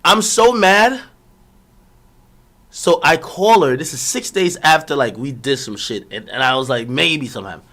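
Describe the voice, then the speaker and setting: A man's voice: mid-range voice, lively intonation, moderate pace, few pauses, fairly bright tone. A young man streaming, telling a long personal story in a rambling, profane, slang-heavy casual way.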